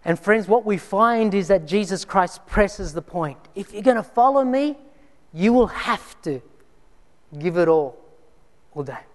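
A man's voice: high-pitched, expressive, a little slow. A man preaching a sermon and telling personal stories, dramatic, sometimes dropping to near whispers for emphasis. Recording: reverberant hall.

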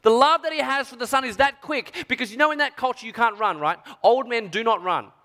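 Male preacher, high bright voice, emotional storytelling, long hall reverb. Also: brisk. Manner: emotional storytelling, dramatic swings from hushed to shouting. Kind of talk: sermon.

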